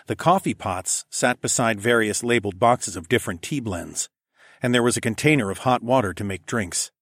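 Calm low-voiced male narrator. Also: normal speed, no room sound, clean studio sound. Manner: calm, even storytelling. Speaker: audiobook narrator. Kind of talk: first-person scripted narration.

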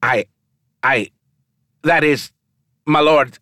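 Pretty fop, high and fussy, sneering then groveling as a male narrator puts him on. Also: very animated, a little slow, fairly bright tone, no echo, clean studio sound, heavily acted. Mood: stammering fawning. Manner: haughty, later stammering and fawning. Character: foppish pretty man, bored then groveling.

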